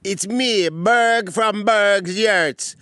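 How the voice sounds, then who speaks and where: Dude hamming up a high-pitched pushy salesman, all sales patter. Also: extremely slow, pushed and bright, smooth, no room sound, clean studio sound, heavily acted. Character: pushy party-loving male yurt salesman.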